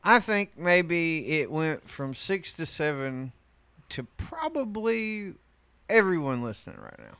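A man's voice: on the high side, very animated, slow, bright, forceful tone, smooth, no echo. A man co-hosting a podcast in casual chat, teasing and wisecracking. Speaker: podcast co-host.

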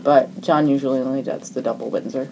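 A woman's voice: a bass voice, fairly even intonation, a little fast, warm tone, a little hiss or hum, poor audio. A woman co-hosting a podcast, making wry, teasing remarks in casual chat. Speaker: podcast co-host.

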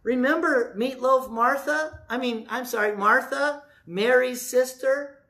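Lively, joking male preacher. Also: very high-pitched, unhurried. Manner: lively, conversational, joking asides; acts out scripture quotes with big swings in loudness. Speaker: pastor. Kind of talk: sermon.

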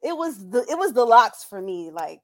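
A woman co-hosting a podcast in casual chat, giggly and animated, often breaking into exclamations. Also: a little high, moderate pace. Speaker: podcast co-host.

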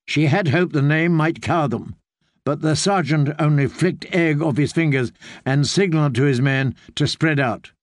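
A man narrating an audiobook in a measured, steady reading voice. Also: on the high side, no room sound, clean studio sound.

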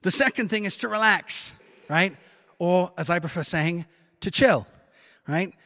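Guy preaching in a church, kinda high voice, chatty and jokey, big echoey hall. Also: unhurried. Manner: lively, conversational preaching with joking asides. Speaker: pastor. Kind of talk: sermon. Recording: long church reverb.

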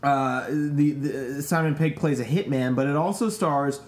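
A man's voice: a little high, measured pace, darkish tone. A man co-hosting a podcast, chatting in a loose, meandering way with hesitant restarts. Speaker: podcast co-host. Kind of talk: casual chat. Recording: roomy echo.

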